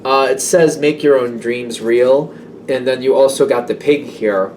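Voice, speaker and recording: A man's voice: medium pitch, unhurried, a little mellow, recorded from a distance, slight background noise. A man giving a casual tarot reading, rambling and self-doubting, with many fillers. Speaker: tarot reader.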